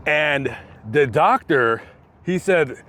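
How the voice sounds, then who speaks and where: A man vlogging outdoors by a busy street, telling a story with lively acted-out quotes. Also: fairly high pitch, drawn-out words. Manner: animated storytelling, acting out quotes. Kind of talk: storytime vlog told on location. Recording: faint street noise outdoors. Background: passing traffic.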